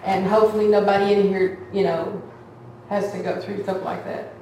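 A woman's voice: medium pitch, level tone, normal speed, dark tone, a little hiss or hum. Woman, church testimony, earnest, heartfelt, distant mic, roomy echoing hall. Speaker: church member giving testimony. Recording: echoey hall from far off.

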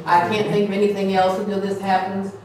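A woman's voice: mid-range voice, completely flat delivery, brisk, darkish tone, slight background noise. A woman preaching a folksy sermon to a small congregation, sometimes acting out gossip in playful voices. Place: small church hall. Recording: echoey room from far off, faint ambience.

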